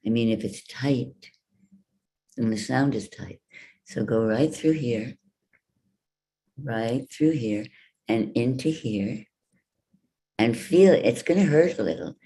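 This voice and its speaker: A woman voice coach giving an online workshop over a video call, speaking in a deliberate, instructive way. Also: extremely low pitch, lively intonation, mellow. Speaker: voice and wellness coach.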